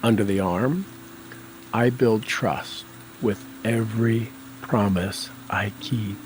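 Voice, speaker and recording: Slow, low-voiced man guiding a tapping session. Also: slight background noise, rough recording. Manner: slow, deliberate, coaching cues. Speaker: tapping coach. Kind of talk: guided tapping session with affirmations.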